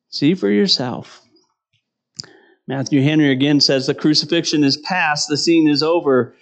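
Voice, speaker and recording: A man's voice: a little high, normal speed. Conversational preacher man, often laughing. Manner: conversational, keeps asking "right?", laughs often. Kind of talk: sermon.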